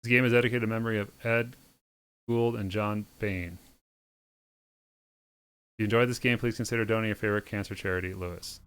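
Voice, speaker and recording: A man with a smooth, lowish voice speeds through on-screen game text. His delivery stays sardonic and deadpan, with quick mocking asides between the lines. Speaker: game streamer reading a visual novel aloud. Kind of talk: reading game text aloud with comic asides.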